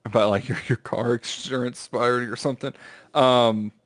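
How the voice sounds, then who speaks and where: A man tells a story in easy, casual podcast talk, often breaking into laughter. His voice sits at a middle pitch and sounds close and dry, with no room around it. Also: steady tone, moderate pace, fairly bright tone, dry recording. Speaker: podcast host. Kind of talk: casual chat.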